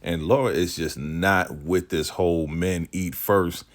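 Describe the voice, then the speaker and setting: A man's voice: low-pitched, fairly even intonation, measured pace. A man hosting a casual vlog, recapping a TV episode in a loose, slangy way and saying "like" constantly.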